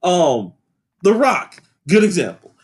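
A man hosting a casual podcast chat, talking with passion and heavy profanity, sometimes raising his voice to a shout. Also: high-pitched, big pitch swings, slow pace, breathy edge. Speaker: podcast host.

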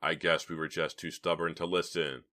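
A man's voice: low-pitched, flat delivery, normal speed, pushed and bright. A man reading an audiobook, voicing a blunt, disbelieving teenage boy. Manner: challenging, blunt.

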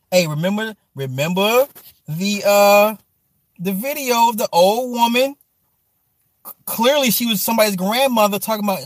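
An animated man chats with his livestream viewers, laughing often and swearing freely. His voice is fairly high for a man and swings widely in pitch. The sound is dry and close to the mic. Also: moderate pace, no echo. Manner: animated, profane, laughs often, reads and answers chat. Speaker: livestream host. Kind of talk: casual stream chat.

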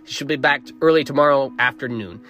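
A man's voice: medium pitch, fast talker, a bit bright, faint music behind, voice pushed up, lightly acted. A man voicing a coarse, menacing sheriff who mocks and growls. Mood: mocking menacing. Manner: mocking, growling, crude.

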